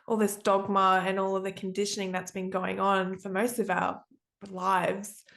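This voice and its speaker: A woman's voice: medium pitch, completely flat delivery, normal speed, gravelly, a bit bright. Woman, podcast host, earnest and upbeat, casual interviewer. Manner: earnest, upbeat, uses fillers.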